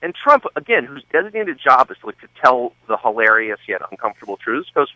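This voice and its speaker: Man, radio guest, sardonic, animated, swooping pitch, dull lo-fi line. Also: no echo. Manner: animated and sardonic, quick asides and laughs. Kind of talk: political talk radio interview.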